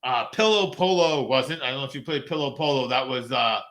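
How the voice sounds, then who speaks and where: In a medium-pitched, slightly bright voice with lively intonation, a middle-aged podcast co-host talks a little fast. The chat is casual; he rambles, uses lots of fillers and restarts, and is quick to laugh.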